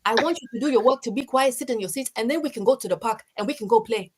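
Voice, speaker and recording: Woman doing a patient teacher voice, gentle but firm, coaxing little kids to sit down. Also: fairly high pitch, quick pace, slightly rough.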